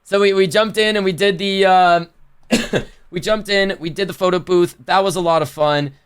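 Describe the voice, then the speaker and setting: High-voiced rambling male streamer. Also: fairly even intonation, normal speed, clean tone. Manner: rambling, slangy, self-correcting. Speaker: livestreamer. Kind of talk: casual chat to a stream chat.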